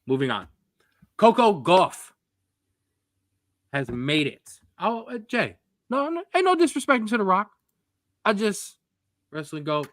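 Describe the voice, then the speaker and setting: A young man co-hosting a sports podcast, talking in a rambling, jokey, animated way. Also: on the high side, no echo, clean studio sound. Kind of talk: casual sports chat.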